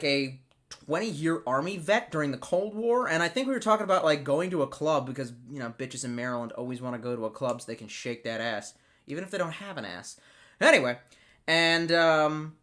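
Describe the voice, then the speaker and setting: Swearing streamer guy rambling at his computer, bright voice, a bit high, keeps restarting sentences. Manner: rambling, profane, self-interrupting. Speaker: livestream host. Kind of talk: casual livestream chat, reading comments.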